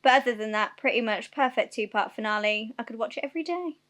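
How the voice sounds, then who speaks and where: A woman's voice: a little high, fairly bright tone. A woman with a northern English accent, co-hosting a podcast, laughing often and reading out listener comments. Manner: giggly, quick reactions. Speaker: podcast co-host.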